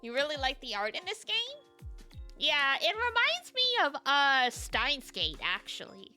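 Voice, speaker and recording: A woman streamer giving playful, expressive let's play commentary. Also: high voice, measured pace, soft background music. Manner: playful, expressive, reacts loudly.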